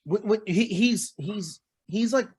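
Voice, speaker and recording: A young man co-hosting a podcast, chatting casually and animatedly in slang, often trailing off into quick asides. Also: high-pitched, darkish tone, slightly rough. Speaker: podcast co-host. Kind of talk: casual chat.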